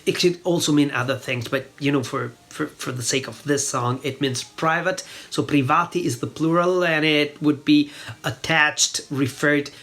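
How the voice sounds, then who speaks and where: Northern Italian man, native speaker, fairly high voice; patient teacher who repeats each word slowly. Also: fairly bright tone. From northern Italy. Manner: patient, repeats words slowly to show pronunciation. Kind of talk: explanatory language lesson.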